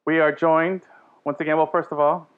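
A man's voice: a little high, level tone, normal speed, clear, resonant tone. A man hosting a casual sports podcast, joking around and laughing a lot. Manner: jokey, laughing, hypes himself up. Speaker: podcast host. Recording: dull lo-fi sound.

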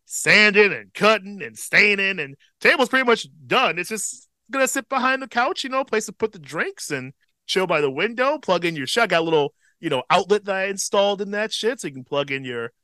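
A man in his thirties co-hosting a casual podcast chat, relaxed and profane, with a slight tickle in his throat. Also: sits high, fairly quick, dry recording. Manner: laid-back, profane, chuckles often. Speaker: podcast co-host.

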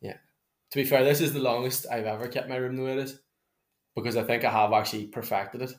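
A man's voice: medium pitch, fairly even intonation, fast, reverberant. A man in his twenties trading blunt, sweary banter as a podcast co-host. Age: 20s. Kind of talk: casual chat.

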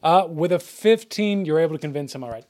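A man's voice: fairly high pitch, animated, fast, a little mellow. A man narrating as game master for a tabletop game, describing actions in an easygoing, plain way.

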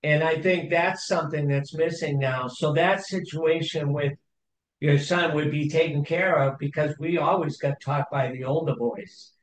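A middle-aged man hosting a conversational interview, speaking in a thoughtful, measured way with pauses. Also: a little high, fairly even intonation. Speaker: host. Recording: echoey room.

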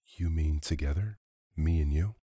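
Man putting on a pesky little kid, eager and whiny, still low and husky. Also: a little slow, mellow, dry recording, clean studio sound, exaggerated voice.

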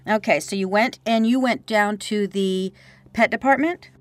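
A woman hosting an interview and gently prompting her guest with questions. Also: mid-range voice, moderate pace. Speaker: podcast host interviewer.

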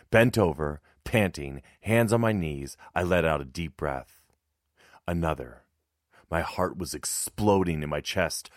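A man narrating a first-person audiobook in a tense, measured way. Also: a bass voice, no echo, clean studio sound.

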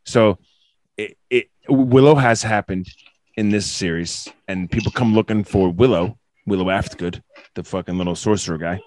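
A man's voice: lowish voice, normal speed, a little mellow, dry recording. Sex: man. Style: profane casual podcast chat. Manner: profane, rambling storyteller.

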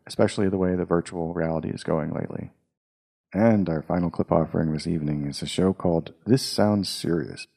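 Deep gravelly male podcast host. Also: darkish tone. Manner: dry, reads plugs and descriptions. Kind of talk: scripted show segment.

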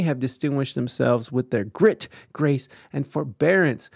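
A man's voice: medium pitch, vocal fry, darkish tone, no echo, studio quality. A tired man doing casual reaction commentary. He reads news articles aloud and rambles, with frequent fillers and restarts. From United States. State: tired and yawning.

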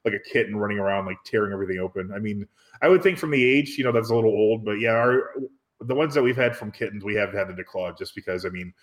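A man's voice: lowish voice, fast. Laid-back young man, casual podcast chat. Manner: relaxed, filler-heavy, wry. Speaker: podcast co-host.

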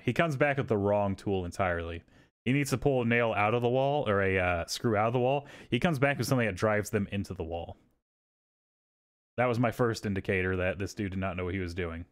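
Male podcast host, mid-pitched, casual storyteller, swears freely. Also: brisk. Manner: animated, profane, acts out quotes.

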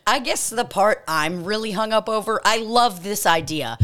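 A woman's voice: medium pitch, expressive, moderate pace, pushed and bright. A woman co-hosting a comedy podcast, chatting casually, laughing often and turning mock-soothing when she leads a breathing break. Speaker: podcast co-host. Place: hot indoor studio room.

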